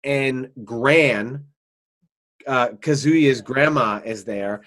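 A man's voice: medium pitch, drawn-out words, a bit bright. A man co-hosting a podcast, casually retelling anime scenes and acting out the characters' lines. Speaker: podcast co-host. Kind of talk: casual chat, recapping an anime.

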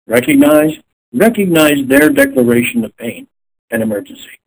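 A man who is a chiropractor, speaking as an interview guest in an animated way and acting out phone scripts. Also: very high voice, moderate pace, gravelly, slight background noise, poor audio. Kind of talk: conversational interview.

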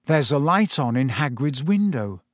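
A man doing a steady teenage schoolboy hero. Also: medium pitch, a little slow, dry recording, studio quality. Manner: plain, pointed.

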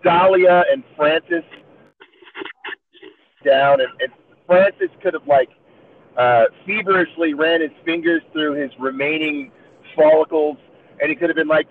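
A man's voice: on the high side, steady tone, unhurried, pauses often. A man in casual chat, rambling and joking with lots of fillers. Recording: tinny phone line with faint hiss.

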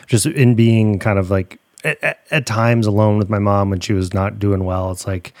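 A man's voice: on the low side, fairly even intonation, moderate pace, a little mellow. A man hosting an interview, sympathetic and musing as he talks. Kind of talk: interview conversation.

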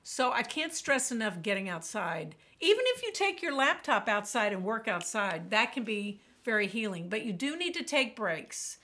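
A woman guest on a podcast, talking about burnout and telling lively stories in which she quotes herself. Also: on the high side, moderate pace, hardly any pauses. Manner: animated storyteller, quotes herself vividly. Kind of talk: podcast interview, storytelling.

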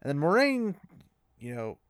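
Animated, laughing male podcast host. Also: on the high side, normal speed, dry recording, clean studio sound. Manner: animated, laughing often, playful. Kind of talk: casual book discussion podcast.

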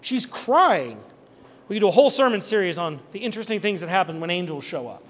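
Man, pastor, casual animated sermon, high voice, echoing hall. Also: fast. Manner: conversational, animated preaching with asides and jokes. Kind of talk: Easter sermon.

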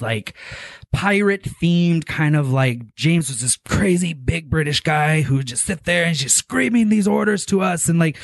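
A man telling a long story in casual chat, animated and full of filler words and swearing. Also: fairly high pitch, no room sound.

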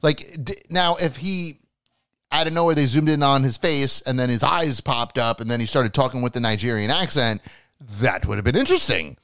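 A man's voice: mid-range voice, moderate pace, dry recording, studio quality. A man hosting a casual wrestling recap chat, joking and swearing freely. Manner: animated, profane and joking.

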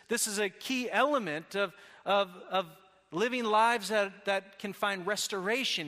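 A man's voice: sits high, sharp tone. A man preaching a sermon earnestly, often restarting his phrases. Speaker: pastor. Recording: long hall reverb.

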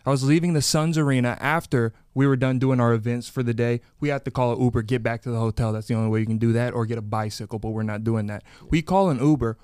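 Smooth-voiced young man hosting a podcast. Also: medium pitch, quick pace, hardly any pauses, dry recording, studio quality. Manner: energetic, storytelling. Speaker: podcast host. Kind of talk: casual podcast chat. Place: podcast studio.

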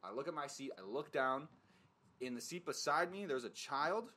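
A man's voice: fairly high pitch, expressive, normal speed, bright, forceful tone. A young man in casual podcast chat, telling a story with lots of fillers and swearing. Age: young adult. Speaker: podcast co-host.

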